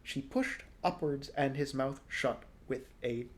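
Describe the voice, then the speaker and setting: Relaxed man reading a storybook aloud. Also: medium pitch, slow. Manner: relaxed, with small slips and self-corrections. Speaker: audiobook reader.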